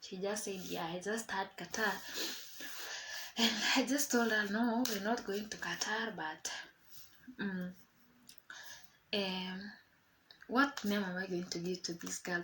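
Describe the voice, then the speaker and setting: A young woman vlogger casually telling a personal story, chatty and animated, acting out quoted dialogue. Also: medium pitch, slight background noise, rough recording.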